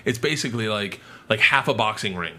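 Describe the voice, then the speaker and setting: A man's voice: lowish voice, animated, fairly quick. Profane man telling a wild story. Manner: loud, profane, shouts in bursts. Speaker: podcast guest. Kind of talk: animated storytelling.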